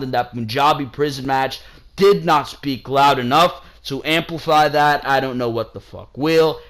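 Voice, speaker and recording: A man's voice: mid-range voice, a bit bright. A man reviewing a wrestling show in a heated, profane rant, often calling the listener bro. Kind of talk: casual video review rant.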